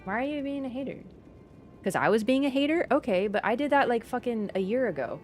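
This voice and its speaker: A woman livestreamer in casual chat, animated and teasing toward viewers and swearing casually. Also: fairly high pitch, a little fast, soft background music.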